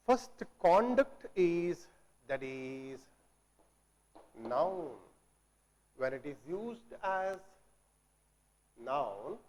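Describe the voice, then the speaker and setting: A man teaching a grammar lesson. He repeats words, asks questions and answers them himself, and clears his throat now and then. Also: on the high side, a little mellow. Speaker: English teacher. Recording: long reverb, as in a hall.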